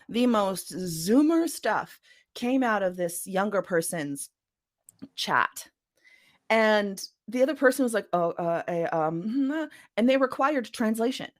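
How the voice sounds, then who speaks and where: Chatty laughing woman author. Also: on the high side. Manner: chatty, laughing often, frequent "you know" fillers. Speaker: author guest. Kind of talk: casual interview chat on writing craft.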